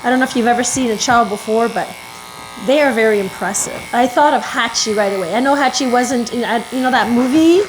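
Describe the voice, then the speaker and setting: A woman's voice: on the high side, noisy background. A woman dog groomer telling a long story in a rambling, self-correcting way while she works in her home grooming room, stopping now and then to soothe the dog. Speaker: dog groomer and video host.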